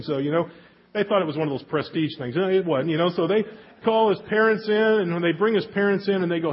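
A middle-aged man preaching a conversational sermon, slipping into quick character voices as he retells stories. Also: a little high, big pitch swings, husky, lo-fi sound. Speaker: pastor.

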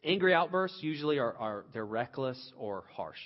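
A man's voice: mid-range voice, big pitch swings, normal speed. A man in his thirties preaching a sermon conversationally, telling a story about his own family and restarting phrases often. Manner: conversational storytelling with frequent restarts, rising loud when quoting himself. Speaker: pastor. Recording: dull lo-fi sound with long hall reverb.

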